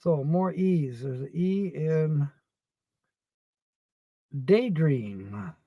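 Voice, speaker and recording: A man hosting a livestream, chatting casually with viewers as he scratches tickets and reads out letters at a slow, rambling pace. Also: fairly high pitch, expressive, no echo, lo-fi sound. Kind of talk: casual live-stream chat.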